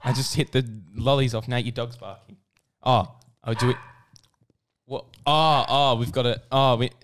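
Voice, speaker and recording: A man co-hosting a podcast, joking and bickering in quick, stumbling bursts full of restarts. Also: medium pitch, fairly even intonation, a bit bright, slight background noise. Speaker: podcast co-host. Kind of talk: casual banter.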